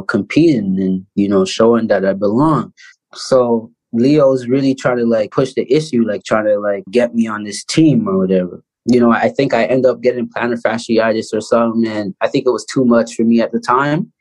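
Animated man telling his life story. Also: mid-range voice, poor audio. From Canada. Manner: animated, fast storyteller full of "you know" and "like", acts out quotes; laughs often while telling his story. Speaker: podcast guest, pro basketball player. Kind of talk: casual storytelling interview.

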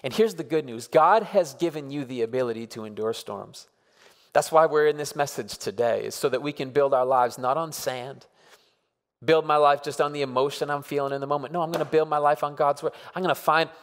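A man in his thirties delivers a sermon with earnest, emphatic urging, repeating phrases as he presses his point. His voice sits a little high. Long reverb trails each line, as if in a large hall. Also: brisk. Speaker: pastor.

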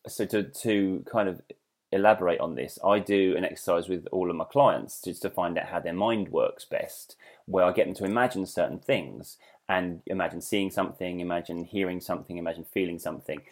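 A man's voice: low-pitched, brisk. A man, co-hosting a podcast in casual chat, teasing his co-host in a wry way and explaining his coaching work. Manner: wry, teasing, laughs along.

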